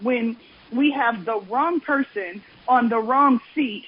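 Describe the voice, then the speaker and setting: A woman's voice: a little high, slow pace, husky. A woman business coach speaking as a guest on a radio interview, enthusiastic and emphatic. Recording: dull lo-fi sound with faint noise.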